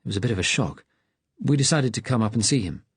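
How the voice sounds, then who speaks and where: A man's voice: mid-range voice, lively intonation, fast, slightly rough, no echo. A man voicing a man on a secret visit who speaks carefully and politely.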